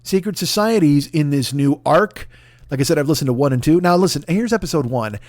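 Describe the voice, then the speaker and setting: A man in his forties chats on his podcast in a loose, rambling way, swearing freely and bragging in jest. His voice sits a little higher than most men's. The sound is dry and close, with no room around it. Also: expressive, brisk, a little mellow, no echo. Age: 40s. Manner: profane, rambling, mock-boastful. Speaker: podcast host. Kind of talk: casual comedic podcast plug.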